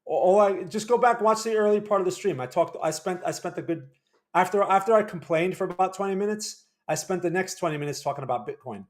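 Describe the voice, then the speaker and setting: A man's voice: sits high, animated, fast talker. A man hosting a casual livestream, analyzing market charts and answering chat, rambling and correcting himself as he thinks aloud.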